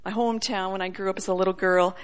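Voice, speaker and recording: A woman from the Chicago area, preaching and telling a personal testimony story in an animated, laughing way. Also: medium pitch, fast talker, clean tone. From Chicago area, USA.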